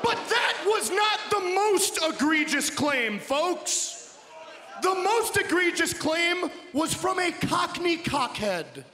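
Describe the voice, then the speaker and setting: A very high-pitched man from Long Island, New York, bellows a boastful, taunting wrestling promo into a handheld mic. His voice rings through a big echoing arena hall while a crowd is clearly heard around him. The trash talk comes in loud, mocking bursts. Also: expressive, slow pace. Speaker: pro wrestler. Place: large indoor arena.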